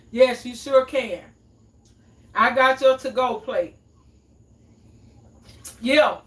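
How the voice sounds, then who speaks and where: A chatty woman hosts a cooking livestream, answering her viewers' comments in a fairly high voice. She sits back from the mic in a roomy, echoey kitchen. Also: extremely slow. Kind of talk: casual livestream chat. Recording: echoey room, mic at a distance.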